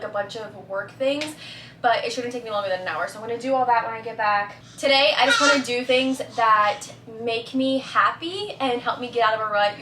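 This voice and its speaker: A young woman vlogs from indoors at home, chatting casually with viewers in an upbeat, confiding way. Her voice is a little high, with a bright, forceful tone. The room sounds echoey, with faint background noise.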